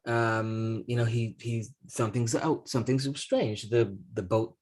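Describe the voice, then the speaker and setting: A man co-hosting a talk show, telling a story in a casual, halting way, full of restarts, and acting out the people in it. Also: mid-range voice, steady tone, darkish tone. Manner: halting, many restarts and fillers, acts out the voices in his story. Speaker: podcast co-host.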